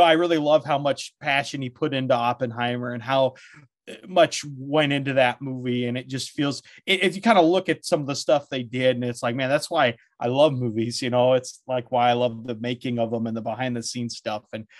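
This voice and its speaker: A man's voice: medium pitch, brisk, no echo, clean studio sound. A man chatting on a podcast, thinking aloud in a hesitant way with many "you know"s. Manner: thoughtful, hesitant with fillers. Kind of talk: casual podcast chat.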